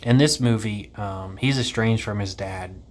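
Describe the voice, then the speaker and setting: A man's voice: fairly low pitch, unhurried, darkish tone. A man giving a casual spoken film review, rambling and offhand with plenty of ums and casual swearing. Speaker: movie reviewer.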